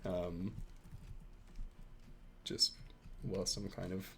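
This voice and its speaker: A man's voice: deep voice, little pitch movement, drawn-out words, gravelly. A British man chatting casually with his livestream viewers while he animates, rambling and chuckling between thoughts. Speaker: animator streaming live.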